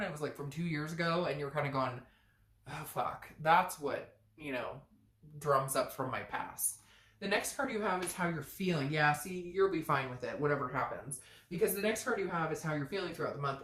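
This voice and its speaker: Low-voiced woman reading tarot casually. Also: fairly bright tone. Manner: chatty and blunt, swears freely, acts out little quoted voices. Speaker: tarot reader. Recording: echoey room.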